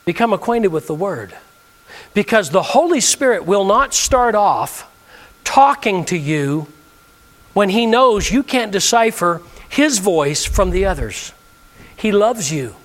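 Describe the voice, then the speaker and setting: A man's voice: high-pitched, animated, slow, fairly bright tone. A male pastor preaching a sermon, leading the congregation in call-and-response with emphatic delivery. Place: church sanctuary.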